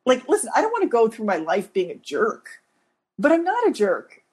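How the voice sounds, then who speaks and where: Animated husky-voiced woman telling stories. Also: on the high side, normal speed. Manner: animated, self-deprecating, laughs through her stories. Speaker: podcast co-host. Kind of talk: casual conversational storytelling.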